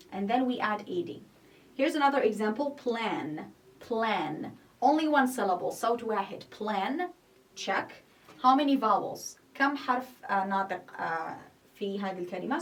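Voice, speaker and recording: Heard through a distant mic, a woman with a voice on the high side gives a patient English grammar lesson. She goes over every point more than once and asks "okay?" to check understanding, and Arabic is not her first language.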